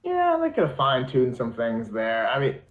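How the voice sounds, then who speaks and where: A man's voice: mid-range voice, huge pitch swings, moderate pace. A man co-hosting a podcast in casual movie-review chat, loose and full of "like" and "I mean". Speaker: podcast co-host. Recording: roomy, dull lo-fi sound.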